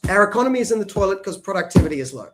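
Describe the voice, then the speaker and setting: High-voiced man explaining tax policy. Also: big pitch swings, very fast, over music. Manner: explanatory, frequent "right?" tag questions. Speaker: podcast co-host. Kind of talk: casual policy discussion podcast.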